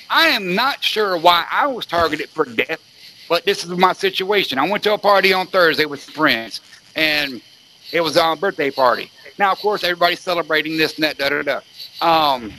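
A man's voice: a little high, bright, forceful tone, a little hiss or hum. A man hosting a podcast, ranting emphatically in casual talk, repeating himself and swearing constantly. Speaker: podcast host. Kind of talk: profane ranting podcast chat.

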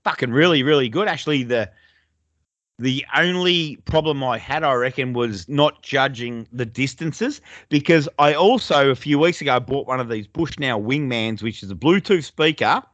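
A man's voice: mid-range voice, lively intonation, normal speed, fairly bright tone, dry recording, dull audio. A young adult man with an Australian accent, telling stories in a laid-back, sweary way as a podcast co-host. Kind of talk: casual chat.

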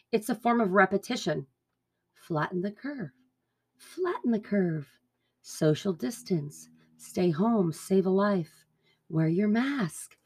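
A woman's voice: mid-range voice, a bit bright. A woman hosting a podcast, delivering an angry, profane, rambling political rant. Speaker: podcast host.

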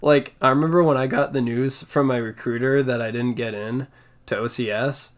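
Young guy chatting, kinda monotone and quiet, laughs a lot. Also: mid-range voice, normal speed. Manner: self-described monotone, quiet, laughs often. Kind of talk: casual chat.

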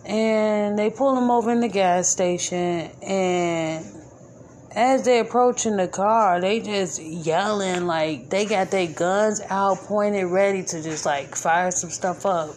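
A woman's voice: mid-range voice, slow, darkish tone, a little hiss or hum. A woman hosting a podcast episode, speaking casually and informally, repeating her points with indignant emphasis. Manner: informal, colloquial grammar. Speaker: podcast host. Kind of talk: casual spoken commentary.

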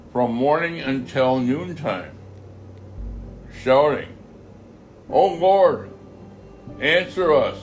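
A man reads scripture aloud at a slow, deliberate pace, stumbling and going back over phrases as he goes. His voice sits at an ordinary middle pitch. Soft music plays faintly underneath. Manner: halting, repeats and corrects phrases as he reads. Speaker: scripture reader. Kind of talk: reading a Bible passage aloud.

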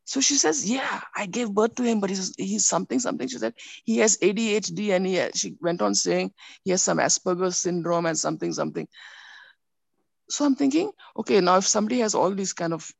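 A woman telling a personal faith story in a rambling, animated way, with many restarts. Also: medium pitch, brisk, gravelly, dry recording. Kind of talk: personal testimony.

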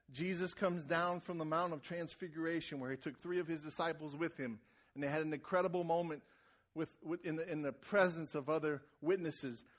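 A man preaching a sermon in a conversational way, repeating words as he starts phrases and rising to loud, shouted emphasis. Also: a little high. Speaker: pastor.

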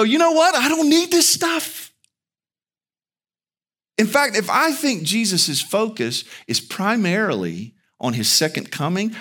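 Male pastor, sermon, lively rising and falling pitch, slow deliberate pace. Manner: animated preaching with big pitch swings, slow and emphatic.

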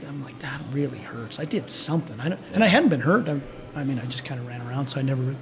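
A man's voice: mid-range voice, animated, very fast, a crowd in the background. An older man, a team doctor, casually telling stories as a guest, rambling with restarts and chuckles. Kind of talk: casual storytelling.

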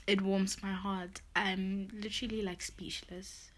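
Tearful, husky-voiced woman speaking slowly. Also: medium pitch, level tone. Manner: tearful, heartfelt, many fillers like "you know" and "literally". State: close to tears. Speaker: podcast host. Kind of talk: emotional personal monologue.

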